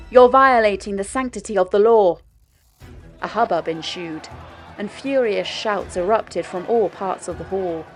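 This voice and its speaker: A woman narrating a history documentary in a measured, steady storytelling delivery. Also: fairly low pitch. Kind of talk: scripted narration.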